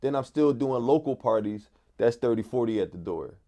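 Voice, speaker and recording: Mellow-voiced man with a Philadelphia accent. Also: medium pitch, animated, normal speed. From West Philadelphia. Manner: laid-back, many "like" fillers. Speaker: guest, artist and DJ. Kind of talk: casual interview storytelling.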